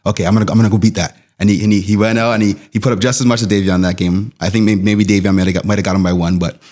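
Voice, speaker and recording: Male panelist, very deep voice, relaxed and hesitant. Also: rapid-fire. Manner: easygoing, agreeable, lots of ums. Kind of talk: casual sports chat.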